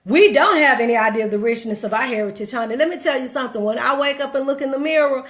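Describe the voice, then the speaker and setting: Animated Southern woman preaching to viewers. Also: high-pitched, quick pace, hardly any pauses. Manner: animated, preachy, talks to viewers directly, reads comments aloud. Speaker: vlogger. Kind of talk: casual motivational livestream talk.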